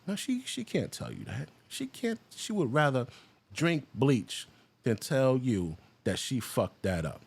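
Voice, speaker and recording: A man hosting a reaction video, giving casual, profane commentary that jumps into a high, excited voice. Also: a little slow, vocal fry, husky.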